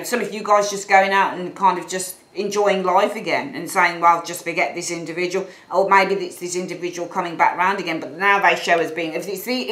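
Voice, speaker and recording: A woman's voice: lowish voice, fairly bright tone, echoey room, rough recording. A woman giving a tarot reading, blunt and frank, swearing casually and repeating herself. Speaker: tarot reader. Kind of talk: monthly tarot reading, ranting aside.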